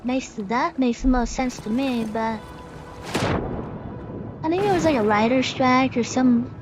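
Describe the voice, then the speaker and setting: Slow, high-voiced sarcastic woman streamer. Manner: rambling and sarcastic, full of fillers. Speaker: game streamer. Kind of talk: casual chat while playing. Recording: game music playing behind her.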